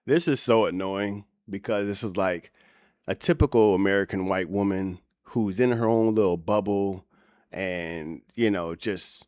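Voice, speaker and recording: A man's voice: low-pitched, a little slow, a little mellow, no echo, clean studio sound. A man hosting a reaction video, giving blunt, scornful and profane commentary.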